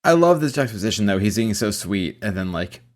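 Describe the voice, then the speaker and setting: Co-host, male, low voice, reflective, casual. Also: very animated, brisk. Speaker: podcast co-host. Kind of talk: casual chat.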